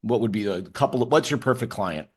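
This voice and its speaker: A man's voice: on the low side, animated, fast talker, slightly rough. A man hosting a podcast, reacting briefly and quipping playfully during an interview. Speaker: podcast host. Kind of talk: interview chat.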